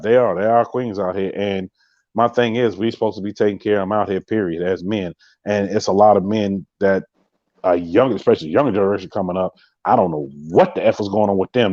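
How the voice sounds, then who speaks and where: A man's voice: mid-range voice, darkish tone, dry recording, muffled recording. A man hosting a live podcast in a casual chat, speaking emphatically and straight to his viewers, and often repeating his catchphrases. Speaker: podcast host.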